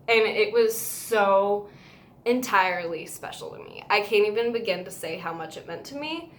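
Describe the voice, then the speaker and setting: A woman vlogger telling a casual story, gushing and emotional, overwhelmed with happiness and rambling with a steady stream of fillers. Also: medium pitch, takes it slowly, long pauses, a little hiss or hum.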